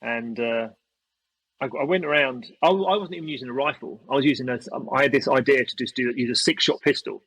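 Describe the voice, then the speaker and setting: A man's voice: mid-range voice, a little fast, fairly bright tone, breathy edge, no echo. A man, a podcast guest telling stories in casual chat and acting out quotes in a raised voice. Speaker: podcast guest, airsoft YouTuber.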